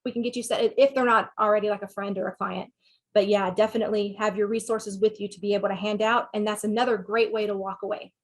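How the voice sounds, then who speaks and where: A woman's voice: mid-range voice, fairly even intonation, fast. Southern woman therapist, chatty and frank, answering questions in a talk. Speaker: sex therapist speaker.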